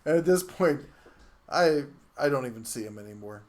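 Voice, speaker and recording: A middle-aged man hosting a live tool show, chatting casually and reading viewer comments in a rambling, halting way with many fillers. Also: mid-range voice, lively intonation, a little mellow.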